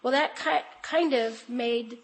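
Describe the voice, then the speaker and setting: A woman's voice: fairly high pitch, slow pace, rough recording. An older grandmother speaking as a guest at a women's conference, in a chatty, emphatic, sermon-style talk full of family anecdotes. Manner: chatty and emphatic, addressing the audience directly; homespun storytelling with family anecdotes.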